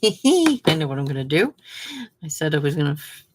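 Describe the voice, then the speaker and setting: A woman's voice: sits low, very animated, moderate pace, background noise. A woman hosting a craft video, chatting and muttering to herself while she paints. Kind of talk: casual talk while painting.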